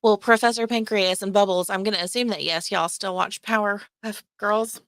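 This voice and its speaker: A woman's voice: medium pitch, fairly even intonation, normal speed, fairly bright tone, dry recording. A woman co-hosting a casual live chat, chatty and teasing as she tells stories. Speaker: co-host.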